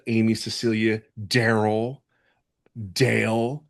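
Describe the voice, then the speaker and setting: Fervent man in his fifties. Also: medium pitch. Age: 50s. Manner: fervent and earnest, with many restarts. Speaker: webinar guest giving a testimonial. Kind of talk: emotional motivational testimony. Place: at home.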